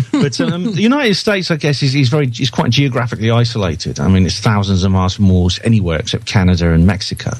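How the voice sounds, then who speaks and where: A man's voice: mid-range voice, expressive, a little fast, no room sound. A man, a guest on a radio talk show, speaking conversationally with hesitant restarts. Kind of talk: casual interview chat.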